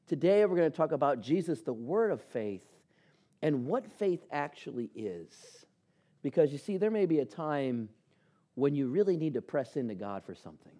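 A man's voice: medium pitch, a little fast. A man preaching a sermon, telling personal stories and acting out the dialogue in them. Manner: animated storyteller acting out dialogue. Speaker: pastor.

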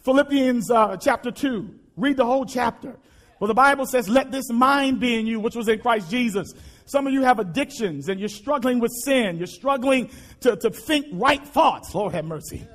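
A male pastor preaching a sermon, impassioned and repetitive, often shouting to the congregation. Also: very high-pitched, expressive, normal speed.

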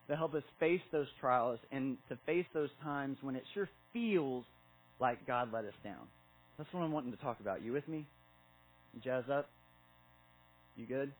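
A man's voice: a little high, husky, low-quality recording. A man in his thirties preaching a sermon, casual and conversational, acting out Bible stories with filler words. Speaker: pastor.

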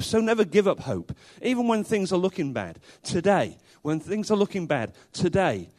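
Guy preaching, earnest, keeps repeating words for emphasis, kinda higher voice. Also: very animated, moderate pace. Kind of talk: sermon.

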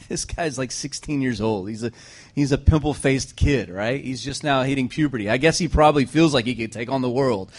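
A man preaching to a congregation, retelling a scripture story with lively joking asides. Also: mid-range voice, a little slow, long pauses.

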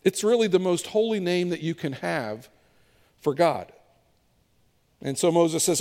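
Animated high-voiced male pastor. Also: moderate pace, long reverb tail. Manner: animated storytelling, acting out voices of biblical figures. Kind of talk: sermon.

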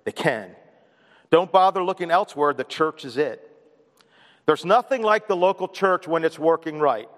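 High-voiced preaching man in a reverberant hall. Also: moderate pace, a bit bright. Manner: emphatic, repetitive preaching with call-and-response. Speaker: pastor. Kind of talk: sermon. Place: church sanctuary.

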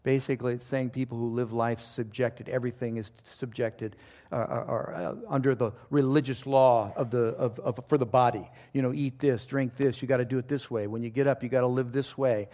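A middle-aged or older man, a pastor preaching a conversational sermon with animated storytelling. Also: medium pitch, brisk.

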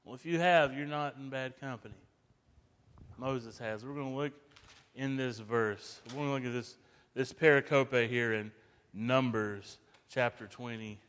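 A man preaching a sermon, swinging from hushed, slow passages to loud, emphatic bursts. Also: mid-range voice, clear, resonant tone. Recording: long reverb of a large hall.

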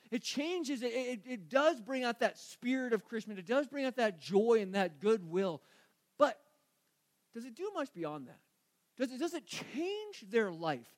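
A man preaching a sermon as a pastor, earnest, often repeating phrases and asking rhetorical questions. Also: high voice.

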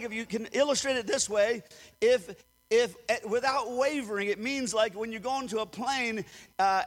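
Man, pastor, very high voice, emphatic sermon, call-and-repeat with congregation, long reverb. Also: fairly bright tone. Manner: emphatic preaching, calls for congregation to repeat after him.

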